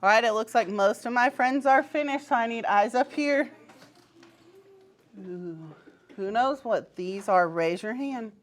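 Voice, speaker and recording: Young woman, pre-K teacher, higher-pitched voice, cheerful and encouraging, firm short commands in a classroom. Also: unhurried. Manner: upbeat and encouraging, gives short firm directions to small children. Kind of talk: classroom instruction.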